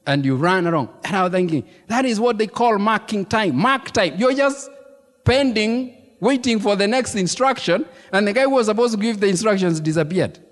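A man preaching a sermon as pastor, animated and emphatic, repeating key phrases and throwing questions to the congregation. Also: high-pitched, moderate pace. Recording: long reverb of a large hall.

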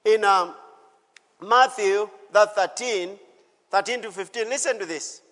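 A man's voice: sits high, unhurried, fairly bright tone. A male pastor preaching a sermon with call-and-response, exhorting the congregation and repeating his phrases in a church service. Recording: long reverb of a church hall.

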